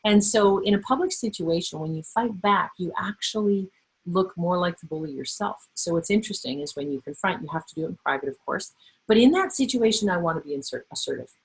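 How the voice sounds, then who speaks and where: A middle-aged woman trainer presenting a workplace webinar, animated and acting out the voices she quotes. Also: lowish voice, fairly quick, slightly rough, low-quality recording.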